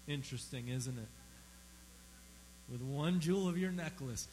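A man preaching a sermon, emphatic and animated, asking his audience questions. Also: mid-range voice, measured pace, pauses often, in a large hall, a little hiss or hum, rough recording. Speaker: pastor.

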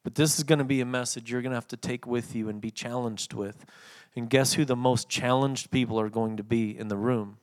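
A man preaching a sermon, swinging from loud emphatic passages to soft, quiet readings. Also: mid-range voice, fairly even intonation, fairly quick. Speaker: pastor.

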